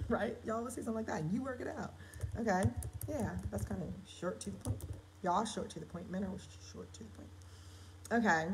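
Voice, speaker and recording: A woman's voice: medium pitch, lively intonation, a little fast, poor audio. A woman writer chatting on a live stream, reading her draft aloud and correcting herself as she talks straight to her viewers. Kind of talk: casual live-stream chat.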